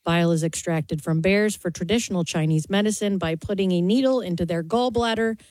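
A woman's voice: lowish voice, fairly quick, a little mellow, dry recording, poor audio. A woman reads news stories on a talk show in a matter-of-fact way and then jokes with the hosts. Her voice is recorded close and dry, with no room sound. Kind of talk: reading news items, then banter.

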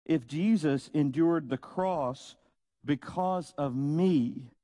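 A man preaching a sermon, slow and emphatic, with dramatic pauses and rhetorical questions. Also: medium pitch, dark tone, no room sound. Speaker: pastor.

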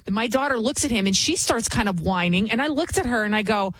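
A woman's voice: fairly high pitch, animated, fast, few pauses, breathy edge, low-quality recording. A woman hosting a talk radio show as a fill-in, giving a blunt, indignant opinion monologue and repeating lines for emphasis.

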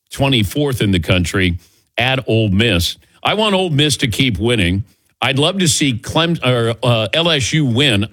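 A man's voice: mid-range voice, no room sound. A man hosting a sports talk show, telling stories with wry asides. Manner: animated storytelling, wry asides. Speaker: sports radio host.

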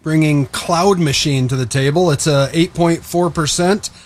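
A man with a slightly high voice, a guest on a radio show, announcing a beer in a casual, deliberate way.

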